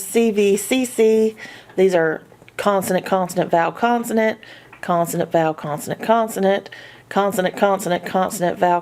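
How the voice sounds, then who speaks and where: A woman's voice: medium pitch, a little mellow. A woman teaching parents to assess their child's reading, going through a checklist of questions and sounding out letters and words. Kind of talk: instructional walkthrough.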